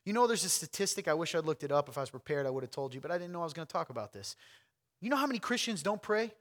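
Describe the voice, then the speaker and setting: Animated man preaching a sermon. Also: fairly high pitch, very fast. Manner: animated preaching, swinging from loud calls to hushed near-whispers; conversational asides to the congregation. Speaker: pastor.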